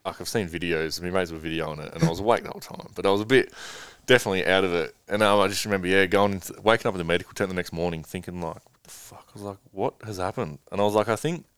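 A man's voice: low voice, racing, few pauses, fairly bright tone, smooth, no echo. A young man casually telling a long rambling story as a guest, swearing freely.

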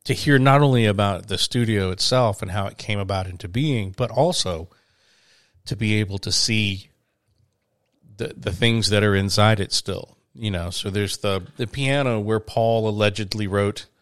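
A man's voice: lowish voice, normal speed, dry recording, clean studio sound. A man telling a story in casual chat, rambling with fillers and restarts.

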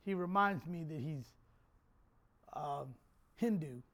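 A male pastor preaching a sermon to his church, animated, swinging from quiet jokey asides to loud shouts. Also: a little high, slow pace.

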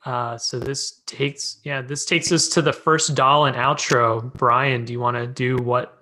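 A man's voice: mid-range voice, a little slow. A man hosting a casual chat, reading through his notes on a skate video and cracking jokes. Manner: relaxed, jokey, reads from notes. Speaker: podcast host.

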